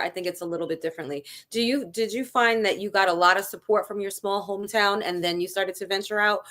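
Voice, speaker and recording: A woman's voice: mid-range voice, fairly bright tone. A woman co-hosting a radio show, enthusiastic and asking long questions. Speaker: radio co-host. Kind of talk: casual interview chat.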